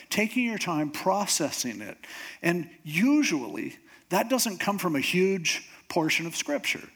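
A middle-aged man preaching a conversational sermon as pastor, acting out his own thoughts as he goes. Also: high voice. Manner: conversational, animated preaching with quoted inner thoughts.

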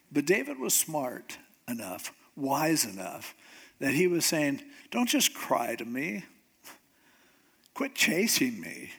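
A man preaching a sermon in a fairly high voice. He talks to the congregation in an earnest, conversational way. Now and then he acts out what people say. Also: fairly bright tone. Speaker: pastor.

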